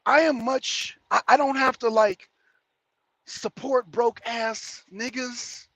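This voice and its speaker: In a very high, pushed, bright voice held to a steady tone, a truck driver talks slowly over a dry recording. He rambles and jokes on a casual livestream as he drives his heavy truck on the road, answering chat comments between driving remarks.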